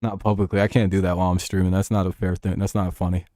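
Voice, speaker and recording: This young host's voice is low-pitched and warm with little pitch movement, and he talks at a quick pace over a football game. Joking, swearing and laughing a lot, he keeps his livestream chat casual, in clean studio sound with no echo.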